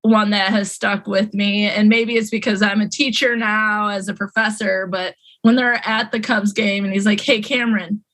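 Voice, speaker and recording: A young woman hosting a podcast in casual chat, laughing often and getting animated when she quotes. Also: mid-range voice, moderate pace, few pauses. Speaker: podcast host.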